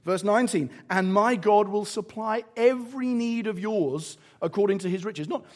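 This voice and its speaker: A man's voice: sits high, moderate pace. A man with an English accent preaching a sermon, telling stories and acting out little asides. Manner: animated storytelling with acted-out asides.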